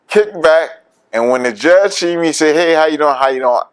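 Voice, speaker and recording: A man's voice: on the high side, expressive, brisk, clear, resonant tone. A man with a Philadelphia accent, a veteran telling his story in an oral history interview, candid and laughing often.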